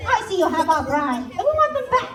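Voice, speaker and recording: A woman voicing a gruff, blustering male pirate captain. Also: very high voice, very animated, brisk, echoey room, recorded from a distance, a crowd in the background, voice pushed down.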